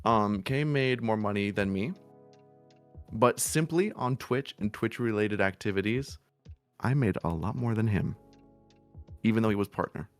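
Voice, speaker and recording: A man's voice: lowish voice, unhurried, pauses often, faint music behind. A man streaming from home, giving casual, blunt advice to other streamers, and swearing freely for emphasis. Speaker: VTuber streamer.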